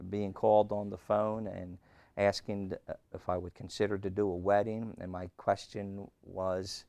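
A man preaching a sermon as pastor, swinging between loud emphasis and quiet asides. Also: deep voice, vocal fry, no room sound.

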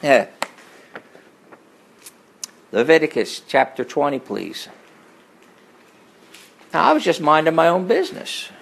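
A middle-aged man preaching a sermon full of personal stories. He talks emphatically, rising to forceful peaks and dropping into low asides. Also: huge pitch swings, takes it slowly, creaky, long pauses, low-quality recording. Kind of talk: sermon with storytelling.

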